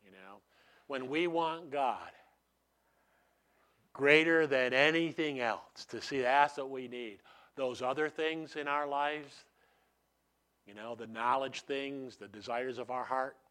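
A male pastor with a bright, forceful voice preaches conversationally and leans on repeated phrases. He talks to his listeners as if in casual chat, then turns to prayer. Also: mid-range voice, slow, pauses often. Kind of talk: sermon.

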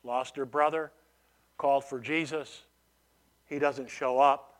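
A man's voice: mid-range voice, steady tone, slow. A man preaching a sermon in a conversational way, often restarting phrases and adding "you know" as he explains a passage. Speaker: pastor.

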